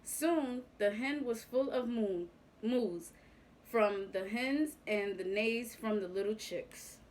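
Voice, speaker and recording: A woman reading a picture book aloud to young children, with a gentle, expressive storytelling manner. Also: fairly high pitch, slow, rough recording.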